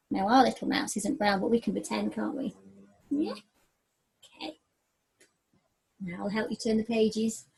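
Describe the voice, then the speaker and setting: A woman teacher reading a picture book aloud to young children, with animated, sing-song storytelling and puppets. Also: fairly high pitch, moderate pace, creaky, long pauses, breathy edge. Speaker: primary school teacher.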